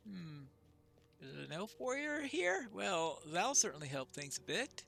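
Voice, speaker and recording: A man's voice: a little high, very animated, unhurried, creaky, bright, forceful tone, soft background music. A man giving casual let's-play commentary, chatting wryly to himself as he plays. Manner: chatty, wry asides to himself. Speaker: gamer.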